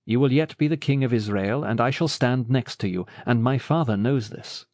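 A man's voice: mid-range voice, moderate pace, a little mellow, dry recording, studio quality, natural voice. A man voicing a loyal young prince in a Bible storybook, reassuring his friend.

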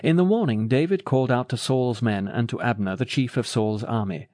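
A man narrating a Bible story in a steady, measured reading. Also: medium pitch, no room sound, clean studio sound.

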